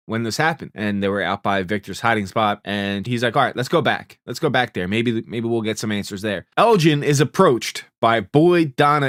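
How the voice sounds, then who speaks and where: A man's voice: mid-range voice, a bit bright, dry recording, clean studio sound. A man casually recapping a TV series episode, laid-back and profane, loosely paraphrasing what the characters say. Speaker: TV recap host.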